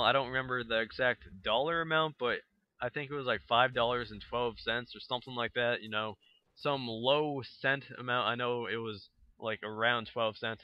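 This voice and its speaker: A man's voice: mid-range voice, smooth, no room sound, muffled recording. A young man casually telling a rambling story over gameplay footage, full of fillers and acted-out quotes. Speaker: gaming video host.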